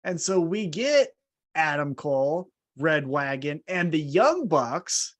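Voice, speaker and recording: A man's voice: fairly high pitch, very animated, slow pace. Male co-host, conversational recapper, dry wit, storyteller's pacing. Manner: wry, recaps segments like a story and poses questions. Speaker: podcast co-host. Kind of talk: casual wrestling recap narration.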